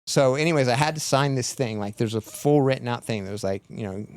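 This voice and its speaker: A podcast guest speaks in a mid-range voice, fairly quick, with no echo. He casually rambles through a long story, leaning constantly on the filler "like."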